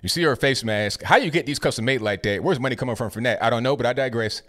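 Guy doing sarcastic commentary over clips, middle pitch, asks a lot of rhetorical questions. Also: quick pace, very noisy. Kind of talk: casual political commentary.

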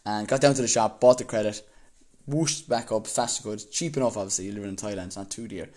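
A young Irish man telling a story casually, animated and laughing as he goes. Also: lowish voice, quick pace. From Ireland.

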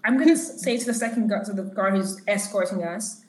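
A woman's voice: mid-range voice, brisk, hardly any pauses, a little mellow, echoey room, slight background noise, poor audio. A woman player in a tabletop game, speaking in character formally and politely. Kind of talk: tabletop role-play.

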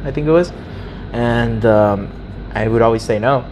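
A young man casually telling a story, animated and swearing freely, acting out the people in it. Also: mid-range voice, normal speed, slight background noise. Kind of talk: casual chat.

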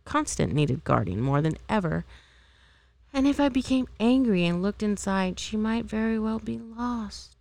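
A woman's voice: medium pitch, expressive, measured pace, vocal fry, a little mellow, dry recording. A woman reading a novel aloud as an amateur, unpolished, with occasional slips and re-reads. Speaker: amateur reader.

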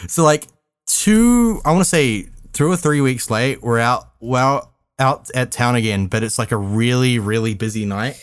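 Young guy rambling thru a story on a podcast, lots of likes and ums, mid-pitched voice. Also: animated, clean tone. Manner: rambling, halting, many fillers and restarts. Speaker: podcast regular. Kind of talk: casual storytelling among friends.

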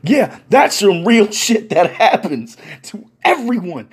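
Young male podcast storyteller: husky, slightly high voice, swears freely, lively comic timing. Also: slow pace, hardly any pauses. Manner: profane, animated, playful. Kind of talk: comedic storytelling.

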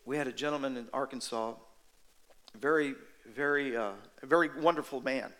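A man's voice: mid-range voice, steady tone, moderate pace, a bit bright, rough recording. A man preaching in a church, telling a folksy story with chatty asides between sung passages. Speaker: preacher and worship singer.

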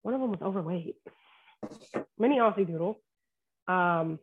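A woman dog trainer telling animated stories with sarcastic asides in a casual podcast chat. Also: fairly low pitch, fairly quick, pauses often, husky. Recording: tinny phone-like line.

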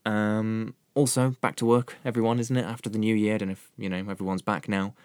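A low-voiced man rattles through a comic film review at a brisk clip. He is sardonic and sweary, with a deadpan delivery. The sound is dry and close, with no room echo. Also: clean tone. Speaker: podcast host and film reviewer. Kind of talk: comedic film review monologue.

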